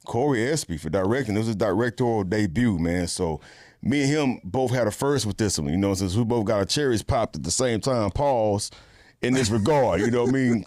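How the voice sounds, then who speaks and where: A man, an actor, chatting casually in an interview, relaxed and slangy with lots of fillers. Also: fairly low pitch, no echo, studio quality. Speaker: actor guest.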